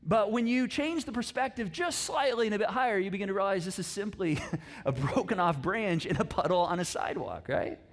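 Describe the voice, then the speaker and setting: A man preaching a sermon as pastor, conversational and animated, often repeating words and laughing as he talks. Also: high-pitched, a little fast. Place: church auditorium.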